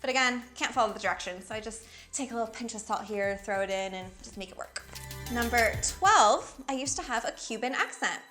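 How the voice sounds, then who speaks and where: A woman's voice: fairly high pitch, animated, a little fast, bright, forceful tone, soft background music. A woman in her thirties who grew up in Miami, speaking with a Valley girl accent and chatting casually to camera as a fashion blogger, with lots of "like". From Miami, USA. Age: 30s. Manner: chatty, fills talk with "like".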